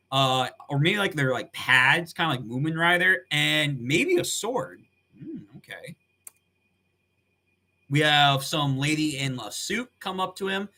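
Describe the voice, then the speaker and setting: Lively, bright-voiced man streaming a reaction. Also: fairly high pitch. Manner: animated, slangy, swears casually, laughs often. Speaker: live-stream manga reactor. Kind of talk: casual live reaction commentary.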